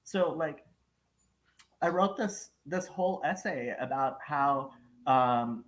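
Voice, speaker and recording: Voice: medium pitch, takes it slowly, poor audio. A young adult host in casual live chat on a video call, talking animatedly with many likes and ums. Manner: animated, filler-heavy talker with likes and ums.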